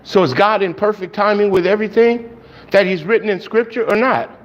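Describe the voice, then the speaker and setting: High-voiced emphatic preacher man. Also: a little fast, highs cut off. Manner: excitable, emphatic, pitch swings up when stressing points. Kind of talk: sermon. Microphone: handheld microphone.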